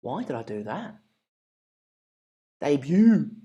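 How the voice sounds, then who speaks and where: A man with an English accent hosts a live stream, his voice sitting high and animated at a normal pace, though the audio sounds dull. He chats casually and reads out viewer comments, rambling along in a jokey, self-deprecating way.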